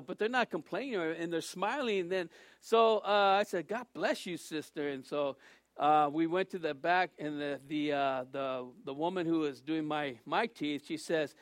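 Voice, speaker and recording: A man preaching to his congregation, telling a rambling, animated personal story and then leading a prayer, with many restarts. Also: high voice, no echo, studio quality. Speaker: pastor. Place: church.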